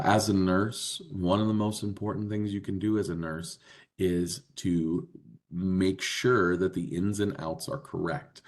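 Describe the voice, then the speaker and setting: A man with a deep, low voice teaches a biology lesson. He explains in a casual, conversational manner, stopping often for fillers as he walks through examples. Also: darkish tone. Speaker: biology instructor. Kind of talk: classroom lecture.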